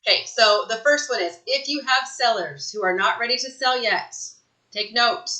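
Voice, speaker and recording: A woman giving an energetic sales training talk, emphatic and fond of asking "right?" after her points. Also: fairly high pitch, normal speed, echoey room, poor audio. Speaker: real estate sales trainer. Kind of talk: live online training talk.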